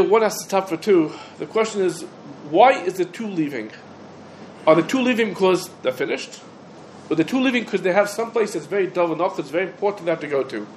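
Male teacher, middle-aged, high-pitched, brisk animated lecture delivery, faint room noise. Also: low-quality recording. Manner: quick, animated, quotes back and forth. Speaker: rabbi teaching halacha. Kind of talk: Torah lesson lecture.

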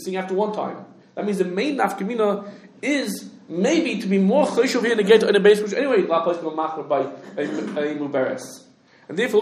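A man teaching a halachic lecture, talking quickly with restarts and lots of Hebrew and Yiddish terms. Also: fairly high pitch, darkish tone, roomy sound. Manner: rapid, halting, many restarts, heavy Hebrew terms. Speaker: Torah teacher.

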